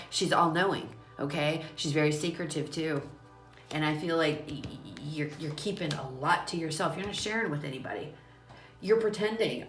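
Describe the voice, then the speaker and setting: A woman's voice: deep voice, roomy sound. A woman giving a casual tarot reading, talking straight to her listeners in a chatty, repetitive and emphatic way, with a runny nose and watery eyes. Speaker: tarot reader. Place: small room at home.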